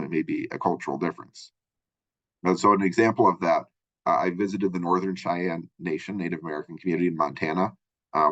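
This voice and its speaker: A man's voice: low voice, fairly bright tone. A man teaching as a college communication instructor in a recorded lecture. He talks conversationally and keeps checking in with "right?" and "you know.". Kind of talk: recorded textbook chapter lecture. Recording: dull lo-fi audio.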